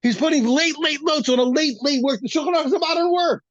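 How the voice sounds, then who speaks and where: A man teaching a daf yomi Talmud class, animated and emphatic, often repeating words as he builds his point. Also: extremely high pitch, fast talker, no room sound. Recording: dull, lo-fi, dry.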